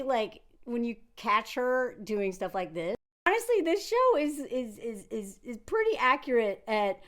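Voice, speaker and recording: Animated woman, high-ish voice. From Nashville, Tennessee, US. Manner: animated, laughs often, restarts sentences. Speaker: video commentator. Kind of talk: casual commentary to camera.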